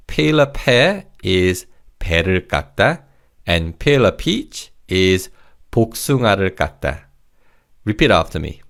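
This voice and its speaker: Male language tutor, lowish gravelly voice, upbeat and encouraging. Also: fairly bright tone. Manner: encouraging, repeats each word slowly for learners. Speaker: Korean language teacher. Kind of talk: scripted language lesson.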